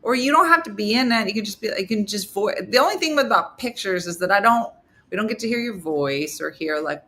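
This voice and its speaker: A woman's voice: mid-range voice, fairly quick, slight background noise. A middle-aged woman hosting a casual live morning show, chatting with viewers and acting out the people in her stories. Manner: animated storyteller, acts out quotes. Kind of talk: casual chat reading viewer comments.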